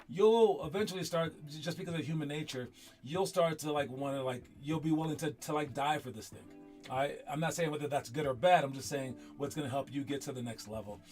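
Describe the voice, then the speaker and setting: A man's voice: fairly high pitch, darkish tone. A young man coaching youth basketball, giving a rambling, emphatic motivational talk with many fillers and restarts.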